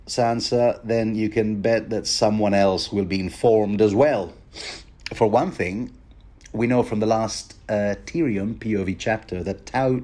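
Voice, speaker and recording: A man's voice: on the low side, darkish tone. A man giving a rambling, wry commentary on a book chapter, often stammering and restarting his sentences. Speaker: podcast host.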